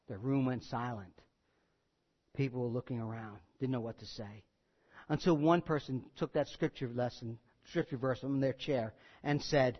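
A man preaching a sermon, telling a story with animated emphasis and then dropping to quiet appeals and prayer. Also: medium pitch, normal speed. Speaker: pastor. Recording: muffled sound with long hall reverb.

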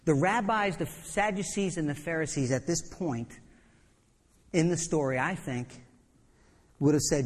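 A man preaching a sermon, animated, often repeating words and acting out quotes. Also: on the high side, measured pace, long pauses. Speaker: pastor. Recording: long reverb in a church hall.

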